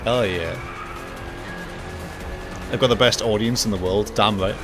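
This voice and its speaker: A man's voice: on the low side, steady tone, quick pace, music in the background. A young man ranting and joking casually to his chat during a gaming livestream. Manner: jokey, ranting, reacts to chat, swears casually.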